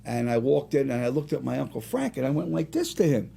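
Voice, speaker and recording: A singer and restaurant owner of about seventy appears as a guest in a casual interview, telling rambling, animated stories. His mid-range voice is fast, creaky, and slightly rough.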